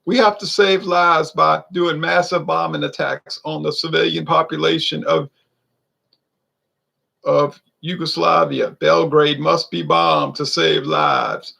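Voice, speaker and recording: A man doing a mocking impression of a pompous, solemn male politician, speaking slowly and sanctimoniously. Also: on the high side, gravelly, sharp tone, heavily acted. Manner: slow, affected and sanctimonious.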